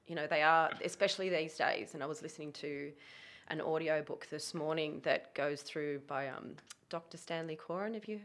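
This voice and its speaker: A woman who talks about dog training in a casual podcast chat, emphatic and full of quick self-corrections. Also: sits low, fairly bright tone.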